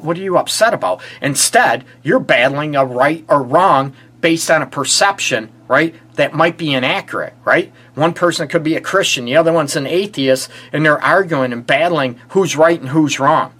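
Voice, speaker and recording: A man's voice: fairly high pitch, fairly bright tone, breathy edge. A middle-aged man, a relationship therapist, giving earnest advice on a live stream and asking rhetorical questions. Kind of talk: casual advice talk to a live audience.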